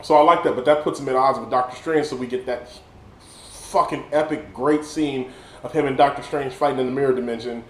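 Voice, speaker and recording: A man, a little drunk, reviewing a movie in a casual monologue, excited and rambling, stumbling over words and restarting often. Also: mid-range voice, fairly quick, echoey room, poor audio. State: tipsy.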